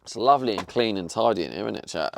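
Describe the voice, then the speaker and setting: A man's voice: lowish voice, lively intonation, fast talker, creaky, a little hiss or hum. A young man streaming live from his van, chatting casually and bantering with his viewers. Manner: chatty, swears, talks back to chat.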